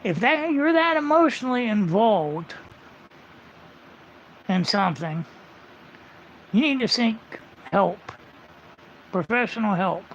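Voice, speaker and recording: A man with a high, gravelly voice rants on a livestream, swearing freely and wandering from point to point. The sound is muffled and lo-fi. Faint background ambience sits under his voice. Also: lively intonation, takes it slowly, pauses often, fairly bright tone, slight background noise. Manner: profane, rambling, blunt. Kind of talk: casual ranting monologue.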